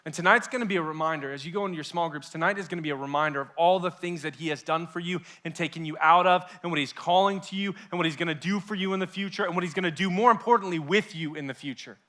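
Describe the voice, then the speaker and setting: A young male youth pastor preaching a sermon with passion, swinging between loud and hushed and acting out what his listeners might be thinking. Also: on the high side, fast talker, few pauses. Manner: acts out listeners' inner voices.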